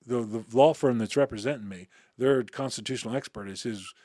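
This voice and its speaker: A man's voice: mid-range voice, a little fast, mellow, no room sound, studio quality. A middle-aged man telling a story in an interview, acting out the dialogue and cussing casually. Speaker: interview guest.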